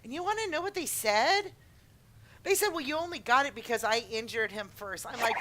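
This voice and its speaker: A woman in her twenties hosting a casual podcast stream, chatting in an animated way and acting out other people's lines. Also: a little high, fairly quick. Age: 20s. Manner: animated, laughing, acts out friends' lines. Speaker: podcast host.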